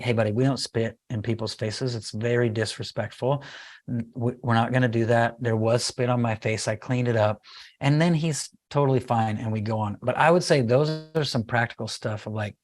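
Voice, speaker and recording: Animated man telling a parenting story. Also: medium pitch, brisk. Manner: animated storyteller, acts out his child's lines. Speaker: guest speaker on parenting. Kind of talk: conversational podcast interview.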